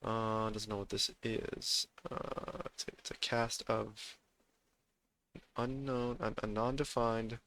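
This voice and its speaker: A man's voice: on the low side, flat delivery, takes it slowly, noisy background. A man streaming live as he codes, muttering to himself, reading errors aloud and humming between tasks. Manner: mutters to himself while coding, hums and sings snatches. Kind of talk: casual live-coding stream.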